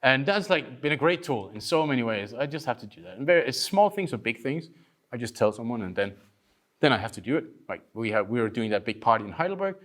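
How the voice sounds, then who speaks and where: A man from Denmark giving a workshop talk, telling lively stories, acting out other people's voices and swearing casually. He says he is short on sleep. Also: medium pitch, quick pace. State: tired from lack of sleep. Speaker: workshop speaker.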